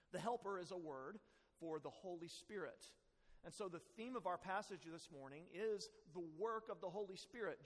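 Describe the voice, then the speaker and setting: A man's voice: sits high, in a large hall. A man preaching a sermon as pastor, earnest and self-deprecating, with rising emphasis on key points.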